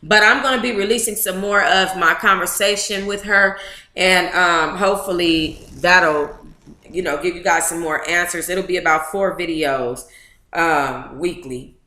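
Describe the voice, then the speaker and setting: A woman's voice: fairly low pitch, unhurried, bright, forceful tone, roomy sound. A woman reading a memoir aloud to a live book club chat, emotive and blunt, with profane asides.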